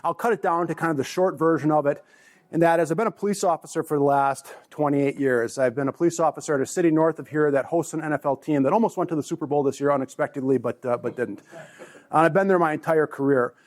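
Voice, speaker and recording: A conference presenter in his forties talks casually and jokingly to a live audience in a meeting room. He's chatty and restarts often, speaking quickly in a fairly high-pitched voice.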